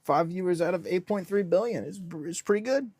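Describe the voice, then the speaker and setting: A young man hosting a casual livestream, reading comments with a deadpan businessman act. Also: sits high, fairly quick, no echo. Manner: deadpan self-styled businessman persona. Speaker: livestream host.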